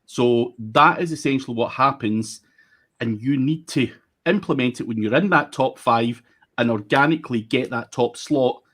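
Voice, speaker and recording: A man's voice: medium pitch, fairly bright tone. A man speaking as a guest on a livestream panel, giving blunt, casual advice from his own experience. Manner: blunt, talks from own experience, quick asides.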